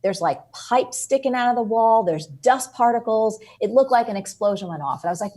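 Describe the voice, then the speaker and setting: A middle-aged woman from New Jersey, a guest author telling an animated story in an interview. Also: a little high, a little fast. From New Jersey, USA. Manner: lively, expressive storyteller.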